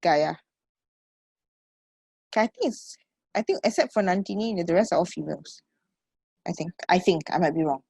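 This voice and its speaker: A woman's voice: fairly low pitch, normal speed, gravelly, pauses often, darkish tone, breathy edge, no room sound. Encouraging Singaporean woman teacher. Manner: checks in constantly with "okay" and "right?"; encouraging, calls students sweetheart. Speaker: English teacher. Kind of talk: online class lesson.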